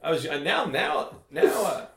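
A man talking bluntly in casual chat. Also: a little high. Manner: fast, lively, blunt. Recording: roomy with faint noise.

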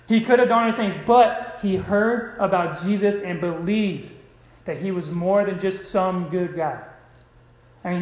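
A man's voice: high-pitched, echoey room, low-quality recording. A man preaching a sermon, calling out to his congregation. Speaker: pastor.

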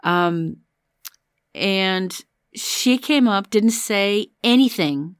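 A woman's voice: lowish voice, sing-song, drawn-out words, fairly bright tone, smooth, no room sound, clean studio sound. A woman therapist speaking casually about her own parts work, chatty and self-deprecating, often laughing as she talks. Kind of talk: casual personal podcast monologue.

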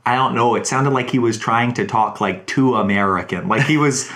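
A man's voice: medium pitch, normal speed, a bit bright, a little hiss or hum. A man co-hosting a podcast, chatting casually about a movie, hedging and restarting his sentences. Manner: hesitant, hedging, many restarts. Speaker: podcast co-host.

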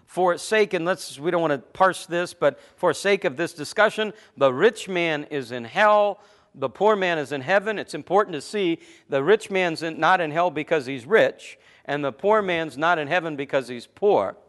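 Guy preaching a sermon, high voice that jumps all over, punchy then drops low and quiet. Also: lively intonation, normal speed. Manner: repeats words when building a point. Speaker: pastor.

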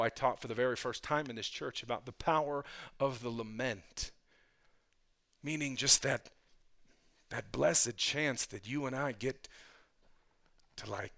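A male pastor preaching a sermon in a conversational style, with casual asides to the congregation, swinging between hushed passages and loud, fervent ones. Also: mid-range voice, normal speed, creaky.

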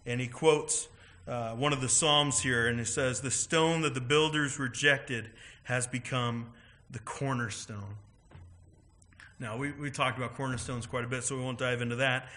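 A man preaching a sermon, teaching with animated emphasis and frequent "all right" and "right?" asides. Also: medium pitch, normal speed. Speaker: pastor.

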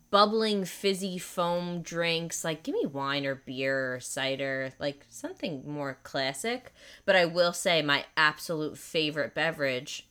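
A woman's voice: deep voice, sharp tone, clear, resonant tone. A young adult woman hosting a casual chat, talking with enthusiasm and lots of filler "like"s. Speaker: podcast host.

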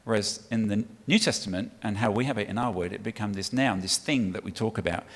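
A man's voice: fairly low pitch, fast, husky. A man from the UK, preaching a sermon in a church in a conversational, punchy way and coaxing the congregation to answer back. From United Kingdom. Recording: long reverb of a large hall.

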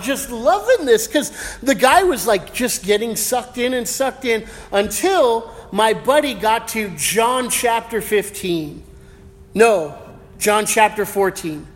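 A middle-aged male pastor preaching an evening sermon, praying and then telling a personal story in a casual, slangy way. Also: very high-pitched. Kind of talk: sermon with prayer and personal anecdote. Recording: long hall reverb.

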